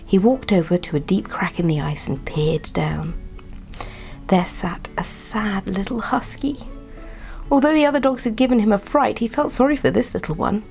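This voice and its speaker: A woman reading a children's bedtime story aloud in a soft, partly whispered voice. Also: medium pitch, normal speed, vocal fry, faint music behind.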